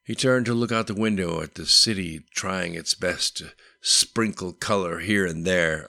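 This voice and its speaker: A man narrating an audiobook in a steady, unhurried reading voice. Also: deep voice, gravelly. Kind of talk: scripted narration. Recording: dry close-miked studio voice.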